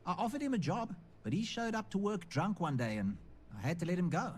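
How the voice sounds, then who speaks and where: A man's voice: sits high, sing-song, brisk, a little hiss or hum. A man voicing a friendly, principled shopkeeper in a video game, chatty and wry. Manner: chatty, wry and good-natured.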